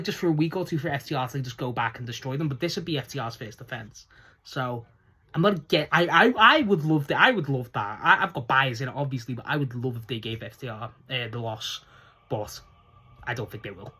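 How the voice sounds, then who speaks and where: A man's voice: medium pitch, pushed and bright. A man giving a casual solo review recap, chatty and rambling, gushing enthusiastically and laughing as he goes. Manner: enthusiastic, gushing about favourites. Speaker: wrestling show reviewer.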